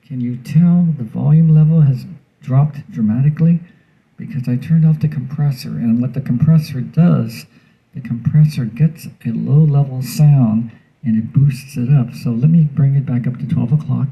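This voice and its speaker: A man's voice: medium pitch, moderate pace, vocal fry, warm tone, rough recording. A man hosting a casual how-to demonstration about audio gear, talking in a folksy, rambling way that repeats words, into a wired handheld mic. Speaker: audio gear tips host. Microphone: wired handheld mic through a mixer.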